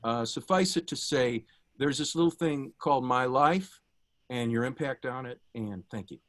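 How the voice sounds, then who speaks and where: A middle-aged man giving a prepared tribute over a video call, telling anecdotes in a warm way with many small pauses and fillers. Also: mid-range voice. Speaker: guest speaker giving a tribute.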